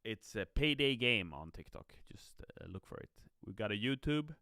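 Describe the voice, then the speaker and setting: A man's voice: lowish voice, animated, moderate pace, pushed and bright, smooth, no room sound, clean studio sound. A tired, yawning man chatting upbeat on a live stream as a game community manager, reading viewer comments aloud. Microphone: streaming mic.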